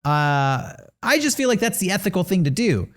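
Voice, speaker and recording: A man in his thirties co-hosts a podcast, casually rambling through opinionated takes on news stories. His voice is high and sing-song, at a normal speed.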